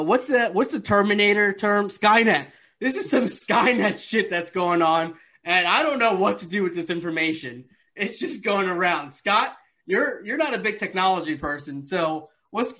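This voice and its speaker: A man hosting a podcast in casual chat, excitable and rambling, laughing easily. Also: sits high, measured pace. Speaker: podcast host.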